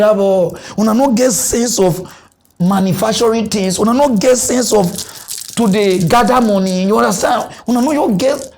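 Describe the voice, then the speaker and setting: Male comic host, Nigerian Pidgin accent, high-pitched, animated satirical rant. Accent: Nigerian Pidgin English. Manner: animated ranting, switching between loud outbursts and low mutters. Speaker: comedy news host. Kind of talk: satirical comedy monologue.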